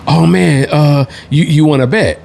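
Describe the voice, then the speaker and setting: A man voicing a rough-looking, pushy male pool player in a bar, coaxing him to bet, with a heavy put-on accent. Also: on the high side, lively intonation, moderate pace, a little mellow, pitched above the performer's own voice.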